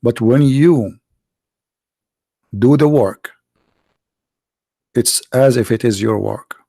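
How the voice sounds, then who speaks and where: Gravelly-voiced man, sarcastic and tired. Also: mid-range voice, slow pace, warm tone, no echo, clean studio sound. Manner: sarcastic, mocking, rhetorical questions. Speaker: video host and preacher. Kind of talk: mocking commentary monologue.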